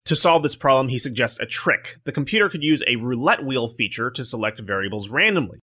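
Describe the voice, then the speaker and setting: A podcast host with a mid-range voice reads a prepared script at a fairly quick clip, his tone bright, forceful and lively in intonation, and he sounds like a programmer. He keeps breaking off to trade dry jokes with his co-hosts.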